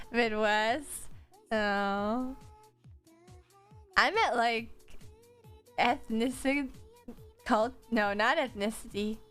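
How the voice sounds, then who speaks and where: Woman streamer with a high voice, loose and swearing, over faint background music. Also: lively intonation, very slow, pauses often, fairly bright tone, smooth. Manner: chatty, swears freely, answers chat, laughs often. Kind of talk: casual stream chat while drawing.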